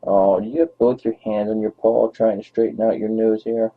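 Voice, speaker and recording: A man's voice: lowish voice, level tone, moderate pace. A young man rambling playfully to his dog on camera in baby talk, as a vlogger. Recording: tinny phone-like lo-fi audio.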